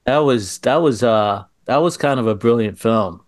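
A middle-aged man, an actor appearing as a podcast guest, talking casually with restarts and repeated words. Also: mid-range voice. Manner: halting, repeats words, enthusiastic. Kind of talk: casual interview chat.

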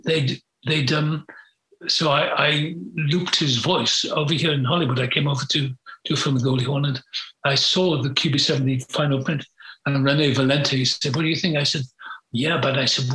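A man's voice: medium pitch, bright, forceful tone. An older man, telling his memories in an interview in a frank, rambling way, with many fillers. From Britain. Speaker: guest. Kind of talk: reminiscing interview. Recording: roomy echo.

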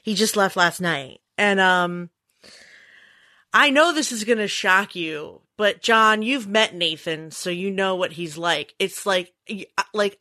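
Bright chatty woman on a podcast, kinda high voice, dry close sound, does little voices when she tells stories. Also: no echo. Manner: chatty storyteller, acts out voices in anecdotes. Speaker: podcast co-host. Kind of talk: casual chat.

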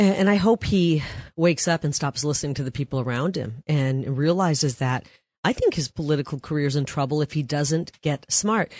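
A woman's voice: deep voice, dark tone, dry recording. A woman speaking as a guest on a political talk show, in an emphatic, confident manner. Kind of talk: casual political interview.

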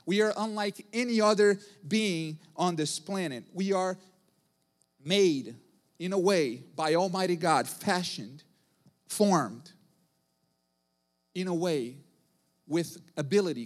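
A male pastor preaching a sermon, emphatic, repeating phrases and building to loud bursts. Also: high-pitched. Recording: long hall reverb.

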